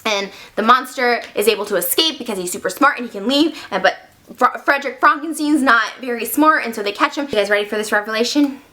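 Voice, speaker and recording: A woman's voice: on the high side, fast, bright, forceful tone. A young woman in a crude, sarcastic comic recap, full of "like". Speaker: vlogger.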